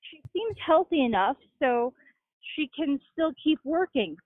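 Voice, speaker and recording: A young woman speaks in a measured, matter-of-fact manner as an interview guest. Her voice sits fairly high. It comes through a narrow, phone-like line with no room sound at all. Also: very animated, no echo. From Utah. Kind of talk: interview answers.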